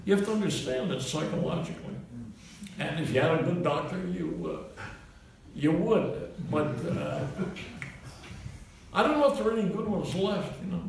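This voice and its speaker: A man's voice: a little high, big pitch swings, normal speed, gravelly, pauses often, darkish tone. A man in his eighties, a comedian, telling a rambling string of anecdotes to a live audience and chuckling at his own punchlines. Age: 80s. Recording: roomy, distant mic, faint hiss.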